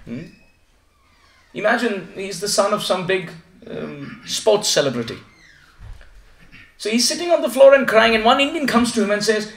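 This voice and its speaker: Male preacher, high animated voice, lively storyteller, roomy home recording. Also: moderate pace, pauses often. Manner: lively storytelling, acts out passers-by. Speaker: visiting preacher. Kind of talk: devotional class with a story. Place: living room of a home gathering.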